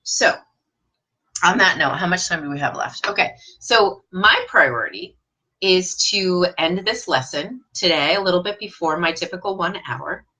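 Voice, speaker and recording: In a live online English lesson, a woman with a bright, clear tone and a somewhat low pitch reads comments from viewers aloud. She responds with direct questions meant to encourage, and her voice shoots up whenever she compliments someone.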